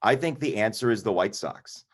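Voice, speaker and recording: A man with a lowish voice chats casually about baseball as a guest. He talks in an animated, jokey way, often tripping over repeated words. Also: moderate pace, husky. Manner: animated, stammering restarts, jokey. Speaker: guest, White Sox broadcaster. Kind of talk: casual sports chat.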